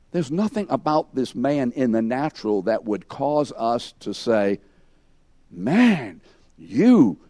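A man's voice: a little high, mellow, dry recording. A man teaching a Bible lesson to a class, questioning students by name and acting out the scene with emphasis. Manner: emphatic, acts out scenes in second person.

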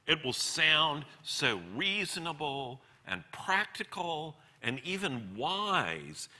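Slow, animated man reading aloud. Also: mid-range voice. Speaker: Bible teacher reading aloud. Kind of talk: book reading with sermon commentary.

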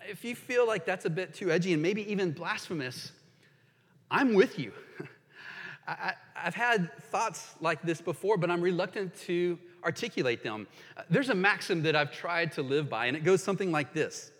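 A man's voice: sits high, expressive, normal speed, fairly bright tone, husky, big-room sound. A man preaching a sermon as a pastor, earnest and reading scripture aloud with emphasis.

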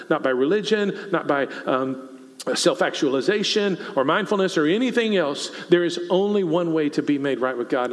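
A man with a Texan accent preaching a sermon to his church, talking conversationally and asking the congregation questions. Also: fairly high pitch. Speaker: pastor. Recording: long reverb of a church hall.

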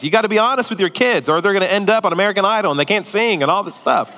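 A man in his thirties, a pastor preaching a sermon with humorous storytelling and lively shifts in loudness. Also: high-pitched, quick pace, few pauses. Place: church hall. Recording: reverberant church hall.

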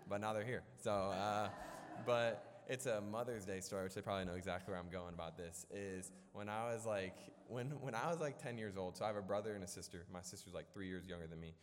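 A young man from Illinois delivers a sermon through a personal story, with a low-pitched voice. He talks casually, with plenty of fillers and self-deprecating humor. The sound rings out with the long reverb of a church hall. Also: fast talker, a little hiss or hum. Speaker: preacher.

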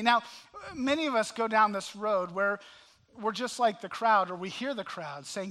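A male pastor with a high, bright voice delivers an impassioned sermon. He swings from loud cries to hushed, intimate asides as he addresses the congregation. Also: moderate pace. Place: church sanctuary.

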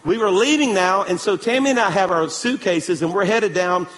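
A male pastor preaching a sermon in a church, telling stories with animated energy and calling for amens. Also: sits high, normal speed, long reverb tail. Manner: animated storytelling, calls for amen.

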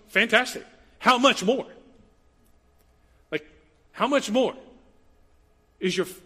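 A man preaches with a bright, forceful voice pitched a little high, his delivery animated as he swings between loud emphasis and quiet, close asides. The sound carries a long reverb, as though filling a large church hall. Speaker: pastor. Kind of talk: sermon.

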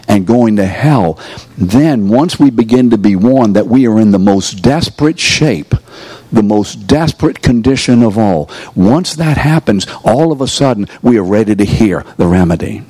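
A preacher teaching a course delivers a sermon to a live audience in a room, firing rhetorical questions and coaxing listeners to respond. His voice sits in the mid range and is a little mellow, with no room sound on the recording.

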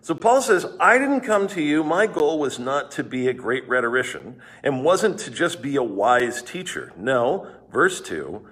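A man's voice: mid-range voice, sing-song, a little slow, few pauses, fairly bright tone, breathy edge. A male pastor giving a devotional Bible teaching, explaining scripture verse by verse in an earnest, explanatory way and reading passages aloud.

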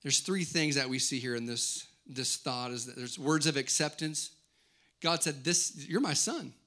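A man's voice: mid-range voice, moderate pace, pushed and bright. A middle-aged man preaching a sermon, declaring scripture lines with rising intensity and then teaching in a conversational way. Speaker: pastor.

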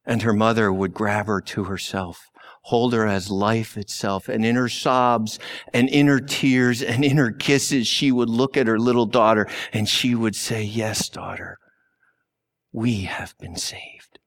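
A man preaching a sermon slowly and deliberately, with long pauses and sudden drops to a hush. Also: medium pitch, fairly even intonation. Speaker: pastor.

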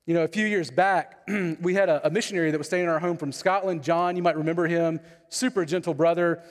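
A man's voice: fairly high pitch, fairly even intonation, fast. Guy preaching a sermon, chatty, keeps asking the crowd "right?", big echoey church. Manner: conversational, asks the congregation questions. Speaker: pastor. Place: church sanctuary. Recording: long hall reverb.

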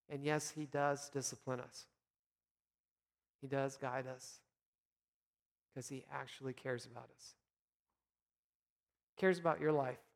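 A man speaking as a pastor, giving an earnest, encouraging devotional talk for Lent with gentle pauses. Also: medium pitch, creaky, in a large hall.

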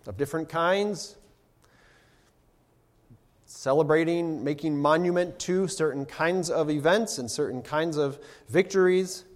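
A man in his thirties preaching a sermon and reading scripture aloud dramatically, rising to loud exclamations. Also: fairly high pitch. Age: 30s.

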